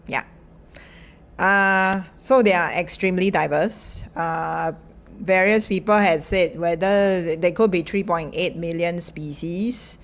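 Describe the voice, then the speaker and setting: A middle-aged woman gives an informal lecture. She talks slowly and in a fairly low voice, chatty, with lots of fillers and light laughs.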